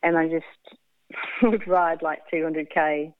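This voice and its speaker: A woman telling a hard personal story in an interview, frank and blunt, halting with fillers and restarts. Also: sits low, fairly even intonation, clear, resonant tone, no echo. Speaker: interview guest. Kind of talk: candid emotional storytelling. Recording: phone-like dry line.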